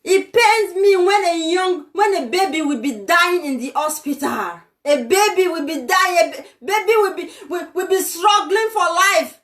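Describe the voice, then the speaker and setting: A woman's voice: extremely high pitch, animated, moderate pace, a bit bright. Fiery young Nigerian woman ranting. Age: young adult. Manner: insulting, scolding, fiery. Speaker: vlogger. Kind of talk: ranting vlog.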